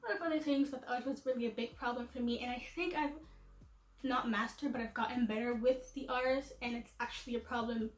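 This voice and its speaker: A woman's voice: fairly high pitch, steady tone, fairly quick, roomy sound, low-quality recording. A woman vlogger chatting casually and self-deprecatingly to camera, laughing at herself.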